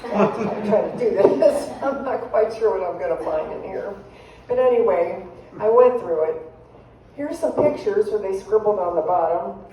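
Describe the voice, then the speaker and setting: A guest comedian in a church hall tells chatty, self-deprecating stories to a live audience, laughing at her own jokes. Her mid-range voice has lively intonation, a dark tone and normal speed, picked up by a distant mic in an echoey hall with faint noise.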